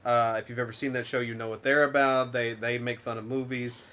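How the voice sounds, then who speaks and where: Rambling, animated male co-host. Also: medium pitch, fairly quick. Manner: rambling, animated, many restarts. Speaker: co-host of a game review show. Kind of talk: casual chat.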